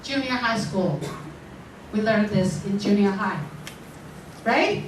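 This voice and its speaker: A woman teaching a class, explaining slowly and checking whether the students follow. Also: medium pitch, slight background noise. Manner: explains slowly, checks understanding with repeated questions. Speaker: English teacher. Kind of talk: classroom lesson. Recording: echoey room, voice from far off.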